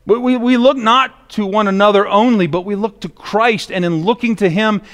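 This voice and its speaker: A male pastor preaching a sermon in a church, telling stories with emphatic repetition. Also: high voice. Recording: long echoey reverb.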